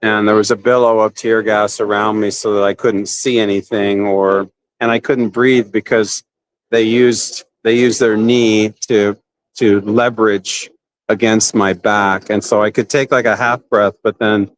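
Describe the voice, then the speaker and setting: An older man from California, an injured protester, giving a halting personal account to a reporter, repeating words as he goes. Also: on the low side, flat delivery, poor audio. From California, USA.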